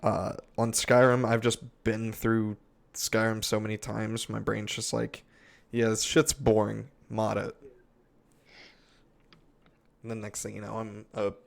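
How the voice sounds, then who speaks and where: A man co-hosting a casual gaming podcast, telling animated stories and laughing often. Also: lowish voice, vocal fry. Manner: animated storyteller, laughs often, shouts meme quotes. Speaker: podcast co-host.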